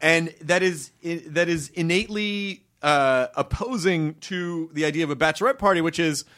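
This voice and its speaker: A man's voice: fairly high pitch, fairly bright tone. A man who is a stand-up comedian, riffing jokes in casual podcast banter. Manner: quick riffing jokes, bursts of laughter.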